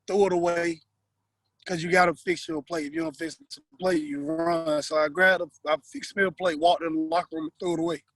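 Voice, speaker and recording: A podcast guest and former football player, this man talks in a fairly high voice through a close mic in a dry room. He tells his story casually, in loose, profane slang, and acts out the lines of the people in it. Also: expressive, brisk, gravelly, a bit bright, dry recording, rough recording.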